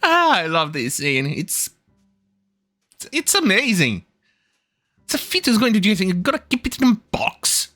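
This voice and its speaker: A man's voice: sits high, very animated, unhurried, long pauses, sharp tone. A man hosting a commentary video, ranting with heavy swearing and scorn, often stumbling and restarting his sentences. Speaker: commentary channel host.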